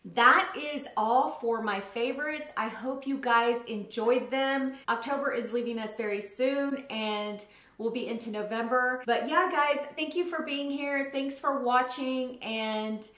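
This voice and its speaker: A woman's voice: fairly high pitch, unhurried, fairly bright tone. Chatty woman in a roomy echo. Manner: chatty, gushing, with frequent fillers. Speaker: vlogger. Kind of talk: monthly favorites vlog.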